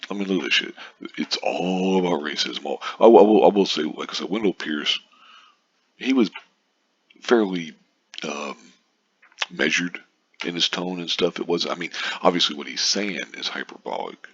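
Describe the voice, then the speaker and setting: A man's voice: a bass voice, bright, forceful tone, no echo, highs cut off. A man giving a casual, profane and sarcastic rant, reading out posts and scoffing at them. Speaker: commentator.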